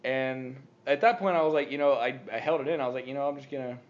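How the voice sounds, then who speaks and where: A man co-hosting a casual podcast, rattling off a rambling story at speed. His voice sits at an ordinary pitch, and the recording sounds muffled and lo-fi. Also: fast talker. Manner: rambling, animated storytelling with laughs. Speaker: podcast co-host.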